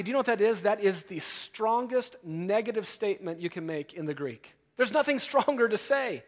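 A man with a high voice preaches a sermon to his congregation, his delivery animated and emphatic. His words ring out with a long reverb, as in a church sanctuary. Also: moderate pace, hardly any pauses. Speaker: pastor.

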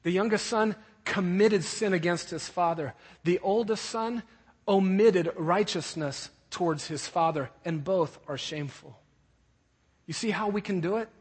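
A high-pitched preacher in an echoing hall. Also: male voice, a little slow, breathy edge. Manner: emphatic, repeats key phrases. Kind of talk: sermon. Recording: long reverb of a large hall.

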